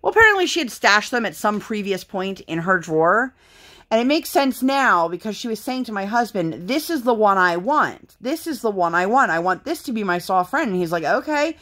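A woman's voice: mid-range voice, very animated, normal speed, a bit bright. A mother in her thirties chatting casually while she crafts, rambling and candid, venting her frustration with sighs. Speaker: vlogger and mother.

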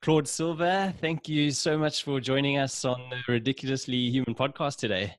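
A man's voice: medium pitch, normal speed, no echo, studio quality. A South African man hosting a podcast over a video call, laid-back and chatty, laughing often. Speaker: podcast host. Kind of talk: casual video-call interview.

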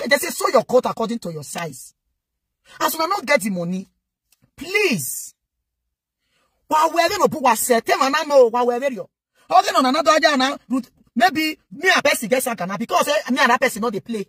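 Brief: Nigerian woman vlogger, high pitch, scolding rant, dry close sound. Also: fairly bright tone, slightly rough, no echo. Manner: scolding, switches between Pidgin and local languages. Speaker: social media commentator. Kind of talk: impassioned rant to camera.

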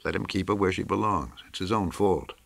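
A man voicing a gruff, hard-bitten safari hunter, speaking in a clipped, curt way. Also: deep voice, fairly quick, no echo. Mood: scornful. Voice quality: throaty. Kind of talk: audiobook character reading.

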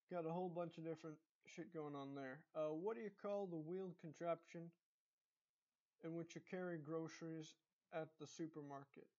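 A man's voice: on the high side, a little mellow. A young man with a Texan accent, chatting casually and rambling with lots of fillers and restarts. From Dallas, Texas. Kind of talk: casual accent tag vlog. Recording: dull lo-fi recording.

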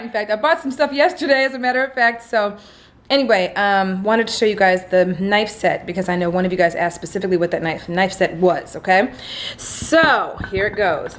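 A woman's voice: on the low side, slight background noise. A woman vlogger chatting casually at home in her morning voice, slangy and upbeat. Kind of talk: casual vlog chat.

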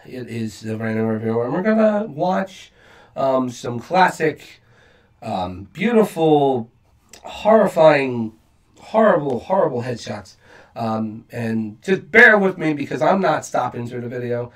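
A man giving casual reaction commentary in an unhurried drawl, his pitch swinging widely between low mutters and high outbursts. He talks bluntly, swears freely and fills gaps with "um". His voice sits a little back from the mic. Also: big pitch swings, fairly bright tone, distant mic. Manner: profane, blunt, with frequent fillers. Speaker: reaction video host.

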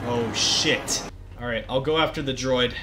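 A young man giving excitable, profane commentary over his gameplay, often yelling at the game. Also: medium pitch, unhurried. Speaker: gaming video creator. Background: game music.

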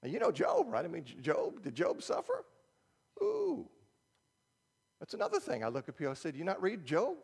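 Animated preacher in a reverberant church. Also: male voice, high-pitched, moderate pace, vocal fry, pauses often, slightly rough. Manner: conversational, animated, self-interrupting with rhetorical questions. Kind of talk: sermon. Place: church sanctuary.

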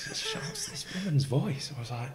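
A man's voice: sits high, normal speed. A man, a podcast guest telling a story with lots of laughter and stumbles. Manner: animated storyteller, laughs often, repeats words. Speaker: actor and student pilot guest. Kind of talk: casual anecdote-telling.

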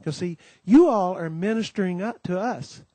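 A man with a somewhat high voice gives a folksy welcome at a Christian gathering, full of "you know"s and homespun stories. His voice sounds close and dry, with little room sound. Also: moderate pace, mellow, no room sound. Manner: homespun storytelling, many "you know"s, acts out quoted voices. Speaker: conference host giving the welcome. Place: conference gathering.

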